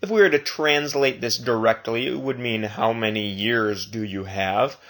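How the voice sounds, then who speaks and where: A man teaching a recorded language lesson, speaking slowly and deliberately and repeating each phrase twice. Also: mid-range voice, fairly bright tone. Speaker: Spanish teacher.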